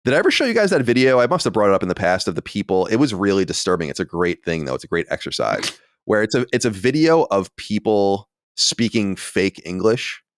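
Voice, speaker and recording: A man's voice: on the low side, very animated, a little fast, smooth, no echo, clean studio sound. A man in his late thirties or forties hosting a podcast, chatting in a casual, self-deprecating way. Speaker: podcast host. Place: home studio.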